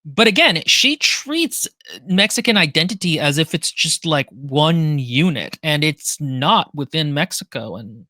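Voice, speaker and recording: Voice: mid-range voice, a little slow, dry recording, clean studio sound. A podcast co-host discussing a novel in a casual, analytical way. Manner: analytical, expressive, wide-ranging intonation.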